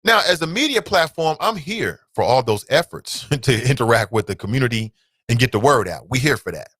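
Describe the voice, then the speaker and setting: A man's voice: medium pitch, lively intonation, a little fast, fairly bright tone, breathy edge, dry recording. A man hosting his own talk show, ranting bluntly and passionately, swearing at times. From United States. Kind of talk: opinionated solo commentary.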